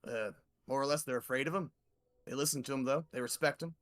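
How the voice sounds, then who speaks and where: A man voicing a nervous, scheming male gator who lowers his voice and stammers as he plots. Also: fast talker, dry recording, studio quality, lightly acted. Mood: matter-of-fact. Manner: hushed, conspiratorial, stammering.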